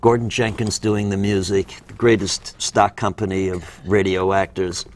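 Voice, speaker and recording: A man's voice: low voice, level tone, moderate pace, no room sound. An older man from Minnesota, a guest actor telling rambling stories of his career. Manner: rambling storyteller, acts out quotes. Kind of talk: anecdotal interview talk.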